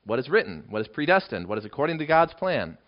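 A man with a mid-range voice preaches an expository Bible sermon, very animated and fast. He is emphatic, swelling dramatically as he reads quoted lines aloud. The recording sounds dull and lo-fi.

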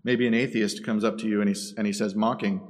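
A man's voice: on the low side, flat delivery, quick pace. Dramatic preacher man in an echoey hall. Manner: dramatic swings between hushed and loud. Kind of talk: sermon.

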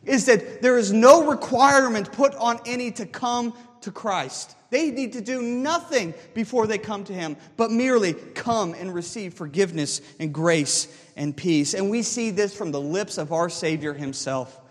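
A man's voice: sits high, moderate pace, hardly any pauses, in a large hall. A man preaching a sermon, explaining scripture and checking in with the congregation with frequent "okay?". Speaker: pastor.

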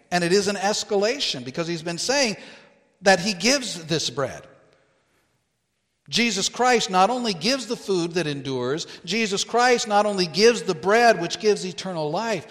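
A male pastor delivers a sermon in a slow, measured cadence, lingering on key phrases for emphasis. His voice sits a little high for a man. It rings out with the long reverb of a large hall. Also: a bit bright. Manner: slow, deliberate preaching with emphatic quotes.

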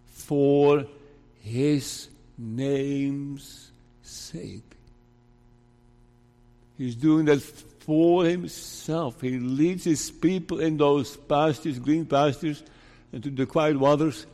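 A male pastor preaches in a slow, measured cadence, leaning hard on key words and posing rhetorical questions. His voice sits a little high for a man. It rings out with the long reverb of a large church hall. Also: fairly even intonation, dark tone. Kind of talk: sermon.

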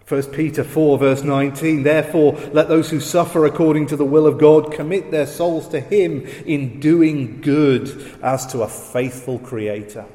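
A man preaching a sermon, slow and emphatic, leaning on repeated phrases. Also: on the high side, steady tone, warm tone. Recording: roomy hall echo.

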